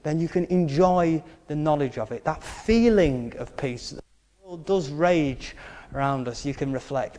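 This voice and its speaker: A male preacher with a fairly high, dark-toned voice delivers a sermon at an unhurried pace, and a long reverb tail trails his words. He speaks earnestly, stressing his key points and slipping in wry asides.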